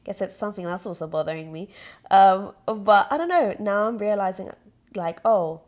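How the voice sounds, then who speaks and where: A young woman in her twenties who sounds British, chatting on a podcast as co-host. She rambles loosely, piles on fillers and restarts mid-thought, at a middling pitch for a woman. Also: lively intonation, normal speed, a little mellow. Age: 20s. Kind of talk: casual chat.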